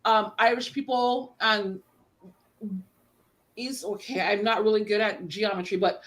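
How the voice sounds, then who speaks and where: A woman's voice: medium pitch, fairly even intonation, measured pace, fairly bright tone. An American woman telling a long rambling story in casual chat, acting out the people she quotes. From United States. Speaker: guest panelist.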